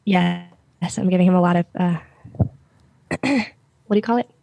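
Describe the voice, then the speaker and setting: A woman's voice: on the low side, fairly even intonation, moderate pace, creaky, dark tone, no room sound. A woman from the American South with a Southern accent, chatting casually and poking fun at herself as a podcast guest. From Southern United States. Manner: giggly, self-deprecating. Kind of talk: casual chat. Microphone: mailed camera and microphone at home.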